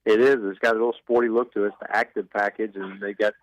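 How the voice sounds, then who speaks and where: Low-voiced male car salesman. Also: little pitch movement, quick pace, no room sound, rough recording. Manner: enthusiastic, filler-heavy, repeats himself. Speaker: car dealership guest. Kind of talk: sales pitch on radio.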